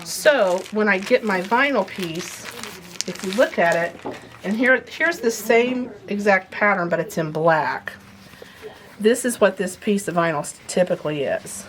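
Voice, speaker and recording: A woman's voice: medium pitch, animated, unhurried, a bit bright. A woman giving a casual sewing demonstration, chatting as she explains each step while she handles the materials. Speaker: sewing instructor.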